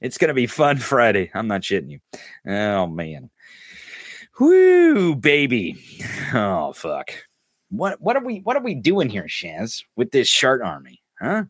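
A man's voice: mid-range voice, wildly swooping pitch, a little slow, dry recording, clean studio sound. A man hosting a podcast, ranting in mocking, profane political commentary and calling out a listener in the chat. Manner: mocking, profane, addresses a chatter directly. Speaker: podcast host.

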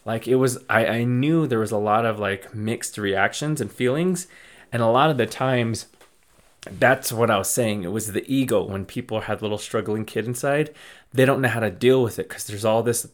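A young man hosting a podcast, giving casual, encouraging life advice with many fillers and restarts. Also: lowish voice. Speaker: podcast host. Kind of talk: casual motivational talk.

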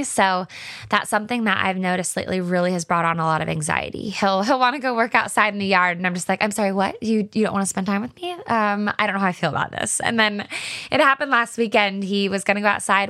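A woman's voice: medium pitch, a bit bright, no room sound, studio quality. A young pregnant woman talking casually and openly to her viewers from her home office, with many fillers and restarts. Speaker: pregnant vlogger. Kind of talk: casual solo talk to viewers.

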